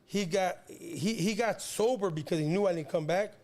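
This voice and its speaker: A man's voice: high-pitched, moderate pace, a little mellow. A man in his fifties from San Diego, a rapper guest telling a long personal story in a rambling, slangy way, often repeating words. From San Diego, California. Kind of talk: casual storytelling.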